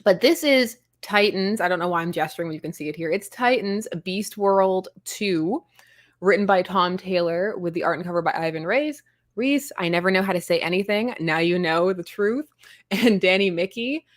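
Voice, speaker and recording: A woman's voice: fairly low pitch, moderate pace, dry recording, clean studio sound. A woman hosting a casual comics livestream, chatty and self-deprecating, laughing often. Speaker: comics show host.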